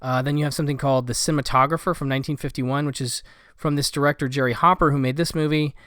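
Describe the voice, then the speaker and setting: Male film reviewer, casual and digressive, smooth resonant tone, dead-dry recording. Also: mid-range voice, fairly even intonation, fast, a bit bright, no echo. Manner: rambling, with many fillers and asides. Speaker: film collector reviewing a Blu-ray set.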